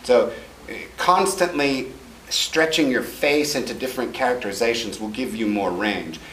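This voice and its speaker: A middle-aged man with a raspy, worn-out voice, a voice actor talking casually to a convention panel and joking with the audience. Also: mid-range voice, normal speed. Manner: animated, jokey, slips into funny voices and laughs. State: hoarse, voice worn from recording sessions. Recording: echoey room, from far off, noisy.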